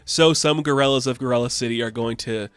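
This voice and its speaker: A man giving a casual comic book recap, excited and rambling. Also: medium pitch, a little fast, clean tone, dry recording.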